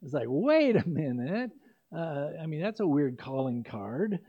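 A man's voice: fairly high pitch, very animated, unhurried. An older man preaching an expository sermon as pastor, in a conversational way with asides and self-corrections. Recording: dull lo-fi recording.

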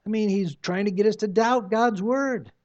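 A man's voice: high-pitched, moderate pace. A man in his sixties preaching a conversational sermon, slipping into acted asides and quoted voices. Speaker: pastor. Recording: dull lo-fi recording.

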